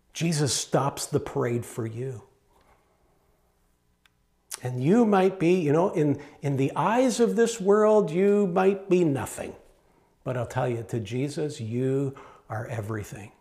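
A pastor delivers a storytelling sermon in a loose, conversational way, full of fillers and restarts. The voice sits at an ordinary pitch with a noticeable gravelly fry. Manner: conversational, animated retelling with many fillers.

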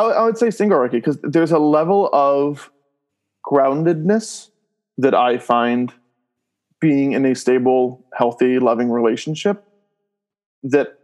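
A man guesting on a podcast, telling family stories in casual chat, often laughing and filling his talk with "like" and "um". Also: mid-range voice. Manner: animated storyteller, laughs often, voices loud screams in stories; many fillers like "like" and "um".

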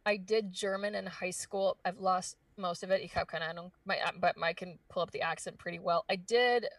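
A woman voice actress chatting in an interview with a gravelly, creaky texture. She rambles happily, stacking fillers and restarts. The sound is dry but a little distant from the mic. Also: mid-range voice, fairly even intonation, moderate pace, dry recording. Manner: chatty, lots of likes and restarts. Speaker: voice actress guest. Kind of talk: casual interview chat.

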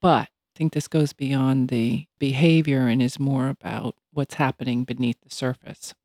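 A woman's voice: a bass voice, steady tone, moderate pace, warm tone, dry recording, clean studio sound. A woman in her sixties co-hosting a casual talk show, speaking reflectively and thoughtfully. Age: 60s. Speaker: podcast co-host. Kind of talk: casual chat.

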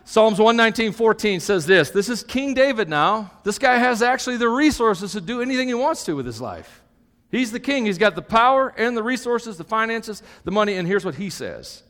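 A man with a high voice preaches a live sermon, emphatic and quick to joke, tagging his points with "okay?". The sound carries the long reverb of a church hall. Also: big pitch swings, a bit bright. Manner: emphatic, tags points with "okay?", joking asides. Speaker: pastor.

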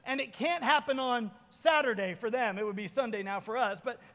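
A man with a very high voice preaches in a church, telling stories animatedly and slipping into the voices of the people in them. His words ring out with the long reverb of a large hall. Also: a little fast, dull audio. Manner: animated storytelling, acting out voices. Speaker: pastor. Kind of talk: sermon. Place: church sanctuary.

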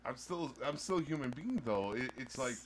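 Animated man in casual podcast banter. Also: mid-range voice, moderate pace, a little hiss or hum. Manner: animated, laughs often, jumps in over his co-host. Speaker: podcast co-host; voice actor. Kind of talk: casual chat.

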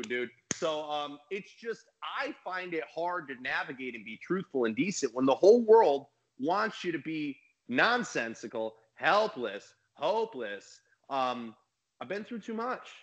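A man, a business coach and mentor, talking in a casual podcast conversation with an energetic, emphatic manner. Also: a little high, a little slow, rough recording.

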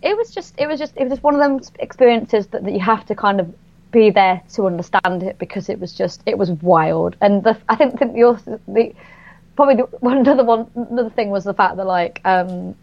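A woman chatting excitedly on a podcast, full of fillers and restarts. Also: mid-range voice, fairly quick, dull audio. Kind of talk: casual podcast chat.

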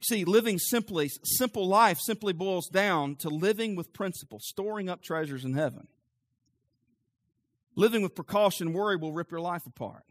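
A male pastor preaching a sermon with an emphatic, rising cadence, then leading a quieter prayer. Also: high voice, moderate pace, no room sound.

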